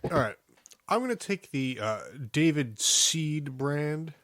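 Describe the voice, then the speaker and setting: A man's voice: a little high, lively intonation, slow pace, fairly bright tone. A man in casual podcast chat, speaking in a dry, matter-of-fact way. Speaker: podcast co-host. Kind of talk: casual chat among friends.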